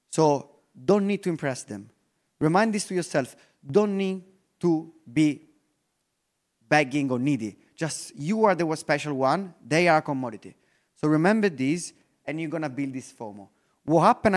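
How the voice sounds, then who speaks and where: The speaker is an investor from Italy on a conference stage, his English loose and full of restarts. His intonation is lively and his pitch slightly high for a man, and to hammer home a point he slows almost to a murmur.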